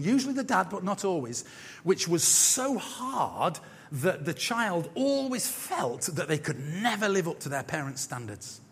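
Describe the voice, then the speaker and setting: A man preaching a sermon as pastor, animated, acting out voices, with jokey asides. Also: a little high, slightly rough. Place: church. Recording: church hall with long reverb.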